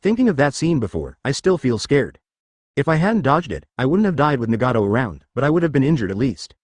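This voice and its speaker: A man's voice: medium pitch, sing-song, a little fast, no room sound, studio quality. A synthetic male narrator voicing a hot-headed, blunt young ninja leader in an audiobook. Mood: angry.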